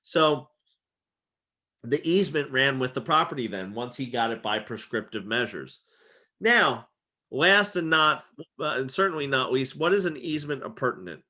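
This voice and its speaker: A man teaching a casual real estate exam lesson, chatty and full of fillers like "okay", his voice getting worn and hoarse. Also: mid-range voice, expressive, measured pace, pauses often, sharp tone. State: losing his voice.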